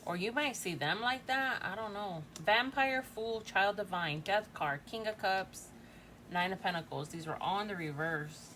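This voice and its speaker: With a sharp tone at medium pitch and normal speed, a woman in her forties chats her way through a casual tarot reading, musing aloud and tacking "right?" onto many lines. Slight background noise is present.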